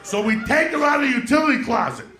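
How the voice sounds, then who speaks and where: A male stand-up comedian telling a story in a loud, profane way, often shouting. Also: extremely high pitch, expressive, fast talker. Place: comedy club stage. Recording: roomy club recording with crowd laughter. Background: audience laughter and room noise.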